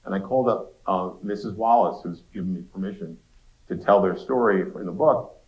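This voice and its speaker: A man's voice: low-pitched, fairly quick, highs cut off. A man giving a university lecture in a conversational way, speaking directly to the students with quips. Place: lecture hall. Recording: echoey lecture hall.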